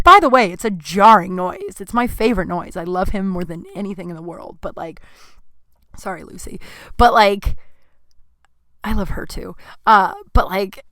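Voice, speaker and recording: A woman's voice: mid-range voice, a bit bright, no room sound. Candid rambling woman podcaster, dry sound. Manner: candid, rambling, swears freely, acts out quotes. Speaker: podcast host. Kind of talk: casual storytelling monologue.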